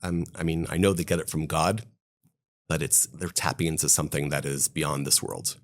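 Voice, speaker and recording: A rabbi with a very deep, low voice, speaking. He tells stories with fervour, his voice climbing on the points that move him. He is a podcast interview guest. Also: moderate pace. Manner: impassioned, storytelling, voice rising on key points.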